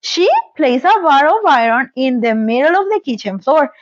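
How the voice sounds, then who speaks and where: A woman with a high, lively voice reads a story aloud, expressive and playful. Her voice rises and falls a lot, close and dry on a dull, lo-fi recording. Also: moderate pace, dry recording. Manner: animated, playful commentary. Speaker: host reading a story aloud. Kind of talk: expressive storybook reading with commentary.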